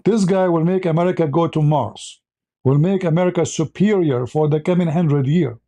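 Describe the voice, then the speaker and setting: A man's voice: a little high, normal speed, dark tone. A man hosting a live commentary show, blunt and sarcastic, speaking in broken English grammar. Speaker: host.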